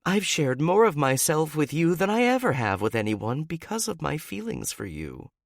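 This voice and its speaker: A man voicing a guarded, tender woman in love who speaks softly and hesitantly in an audiobook. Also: fairly high pitch, sing-song, moderate pace, creaky, no room sound, clean studio sound, voice pushed up, exaggerated voice. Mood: vulnerable. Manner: soft, hesitant speech.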